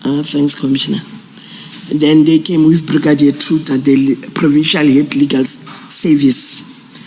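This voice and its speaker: A man, a police general testifying formally at an inquiry in a halting, measured way with frequent fillers. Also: on the high side, level tone, darkish tone, in a large hall, slight background noise, rough recording.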